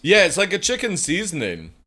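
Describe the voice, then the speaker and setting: A man's voice: high-pitched, huge pitch swings, brisk, pushed and bright. A young man chatting casually with his stream viewers, rambling and swearing freely as he reads chat aloud. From United Kingdom. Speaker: live streamer.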